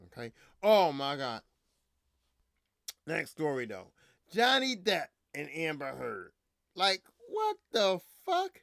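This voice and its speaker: A man's voice: fairly high pitch, huge pitch swings, slow, gravelly, pauses often, a bit bright, no room sound, studio quality. A man hosting a podcast, ranting in casual, profane, slangy talk, repeating himself, a little drunk. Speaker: podcast host.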